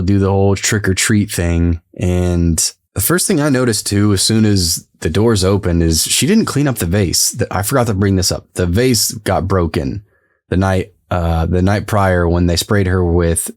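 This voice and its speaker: A man's voice: low voice, moderate pace, darkish tone, dry recording, clean studio sound. A man co-hosting a podcast, recapping a TV episode in casual, rambling chat and laughing easily. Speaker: podcast co-host.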